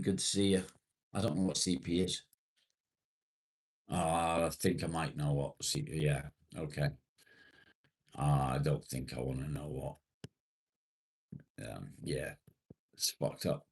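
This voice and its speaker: A British man with a very low, deep voice hosts a relaxed live stream and answers viewers' comments one by one. He talks slowly and easily, with casual swearing along the way.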